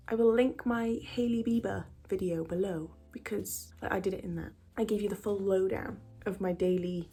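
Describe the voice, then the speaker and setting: A woman talks through a makeup tutorial in a put-on American accent, chatty and quick to tease herself. Her voice is warm and mellow, and she slips into whispers now and then. Faint music plays underneath. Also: medium pitch, breathy edge. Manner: chatty, self-teasing, drifts into whispers. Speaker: beauty vlogger. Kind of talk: casual makeup tutorial chat.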